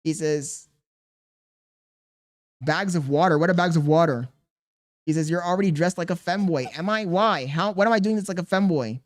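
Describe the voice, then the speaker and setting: A man's voice: fairly high pitch, normal speed, pauses often. Exasperated young male streamer. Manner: exasperated, talks to chat and his baby. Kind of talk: casual livestream chat.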